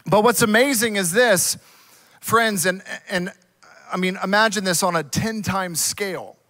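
A man's voice: high-pitched, sharp tone. A man in his forties, a pastor who preaches a conversational, earnest sermon full of stories.

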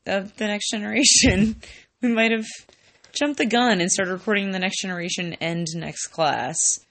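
A woman's voice: mid-range voice, moderate pace, a bit bright. A tipsy woman co-hosting a podcast, rambling and giggling as she chats, with lots of "like". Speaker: podcast co-host. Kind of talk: casual chat.

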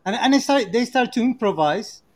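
A man's voice: extremely high pitch, lively intonation, brisk. A man telling a story in a casual chat, with simple non-native phrasing, stopping often to ask "right?".

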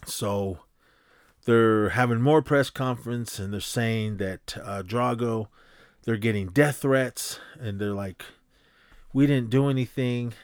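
A man's voice: on the low side, takes it slowly, clear, resonant tone, no echo, clean studio sound. A man hosting a podcast, retelling a film scene in a loose, rambling way and acting out punches with sound effects. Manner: animated storytelling, acts out scenes with sound effects; loose and rambling, many fillers and restarts. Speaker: podcast host. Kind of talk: casual movie recap.

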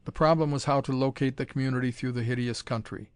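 A man narrating an adventure audiobook in a measured, even storytelling manner on a close mic. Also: medium pitch, clear, resonant tone, no echo. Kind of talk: scripted narration.

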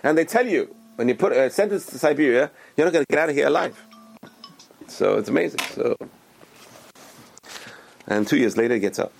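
A man's voice: mid-range voice, expressive, fairly quick, vocal fry, pauses often, slight background noise. A man giving a motivational religious talk, speaking emphatically, repeating phrases and restarting his sentences.

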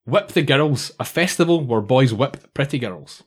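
A man hosts a quiz among friends in a cheeky, playful manner. His voice has a husky, slightly rough texture at a middle pitch. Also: lively intonation, normal speed. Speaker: quiz host on podcast. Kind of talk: casual quiz hosting.

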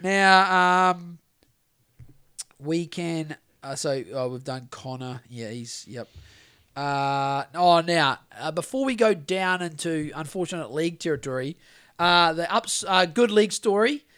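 A man's voice: on the high side, lively intonation, unhurried, bright, forceful tone, clean tone. A man with a New Zealand accent, co-hosting a podcast in a heated, profane rant. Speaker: podcast co-host.

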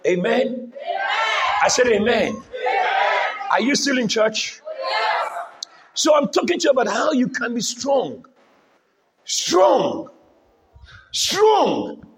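Man preaching in church, very high shouting voice, lively swooping pitch, loud crowd and noise behind. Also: measured pace, long pauses. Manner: repetitive call-and-response exhortation. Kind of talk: shouted sermon. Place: church with congregation.

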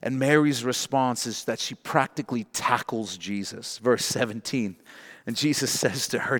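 A man's voice: mid-range voice, normal speed, fairly bright tone, in a large hall. A man preaching an earnest, emotional sermon, acting out the people he quotes. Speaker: pastor.

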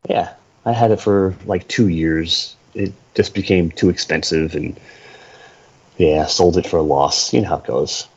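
A man's voice: sits low, fairly even intonation, measured pace, a little mellow, slightly rough. A man co-hosting a casual podcast chat, laid-back with dry quips. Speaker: podcast co-host. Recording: dull lo-fi sound.

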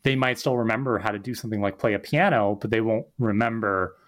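A man's voice: lowish voice, quick pace. A man co-hosting a podcast, explaining things in a loose, chatty way with lots of "like" fillers. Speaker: podcast co-host. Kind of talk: casual recap chat.

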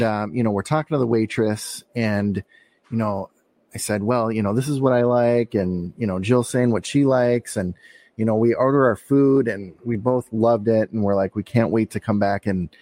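A man's voice: on the low side, moderate pace, warm tone. A man on a casual podcast who rambles with lots of fillers and breaks into sudden bursts of enthusiasm.

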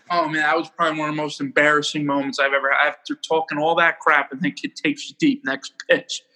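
A young man, a baseball pitcher, casually telling rambling, animated stories about his games and laughing at himself. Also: fairly quick, low-quality recording. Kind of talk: casual storytelling interview.

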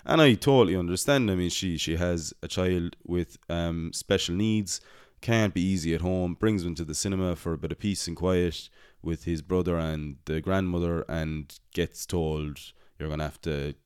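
A young man with a very deep, smooth and resonant voice tells a casual, rambling story. He swears freely and pokes fun at himself. The sound is dry and close to the mic. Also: moderate pace, a little mellow, no room sound. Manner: rambling, swears often, self-deprecating. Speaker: podcast host, cinema worker.

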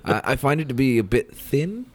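Wry male co-host, very animated intonation, dry studio sound. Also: mid-range voice, brisk, no echo. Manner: wry, reads beer stats with filler "uh"s. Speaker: podcast co-host. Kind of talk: casual beer-tasting chat.

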